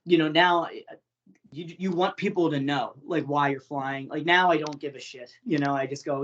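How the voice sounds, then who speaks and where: A man from New York, a guest on a podcast, telling stories in a rambling, animated way full of fillers. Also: on the high side, moderate pace, lo-fi sound. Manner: rambling, animated storyteller with many fillers and laughs. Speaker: guest, pro wrestler. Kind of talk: casual podcast chat.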